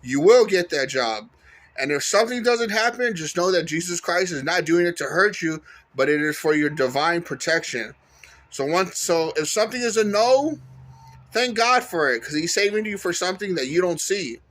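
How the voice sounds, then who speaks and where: A man's voice: high-pitched, animated, normal speed, a bit bright. A man giving a casual, earnest faith testimony to his viewers. He talks in an encouraging way, with fillers and self-corrections. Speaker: faith vlogger.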